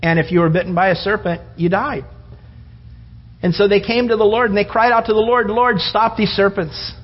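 A man's voice: high-pitched, fairly even intonation, a little fast, breathy edge. A man preaching a sermon in an earnest way, often restarting his phrases and speaking prayers aloud. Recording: dull lo-fi sound with long hall reverb.

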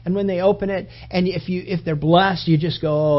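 A male preacher with a fairly high voice, delivering a loose, conversational sermon. He circles back and restarts his phrases as he talks things through with the congregation. The recording sounds dull and lo-fi. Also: steady tone, moderate pace.

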